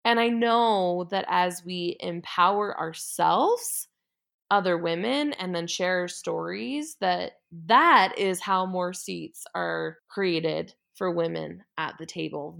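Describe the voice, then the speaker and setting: A woman's voice: on the low side, creaky, fairly bright tone. A woman hosting a podcast, talking alone in an earnest, heartfelt and emphatic way. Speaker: podcast host. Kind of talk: solo motivational podcast talk.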